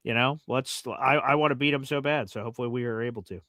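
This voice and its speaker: A man's voice: medium pitch, fairly even intonation, fast talker, bright, forceful tone, no room sound, clean studio sound. Emphatic man hosting a sports show. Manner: emphatic, opinionated. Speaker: host. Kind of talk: casual sports talk show.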